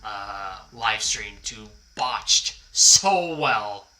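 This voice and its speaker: A livestream host chats casually, rambling and apologizing and often poking fun at himself. His fairly low voice is expressive with drawn-out words, and the rough recording has quiet background music underneath.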